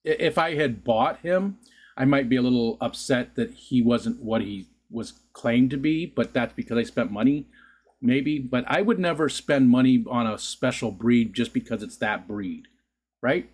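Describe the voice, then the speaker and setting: A man in a home room talks loosely to a live chat audience, rambling from one thought to the next and breaking into easy laughter. His voice sits at an ordinary middle pitch, caught on a desk mic. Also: moderate pace, darkish tone, breathy edge. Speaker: livestream host. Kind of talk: casual chat to live viewers.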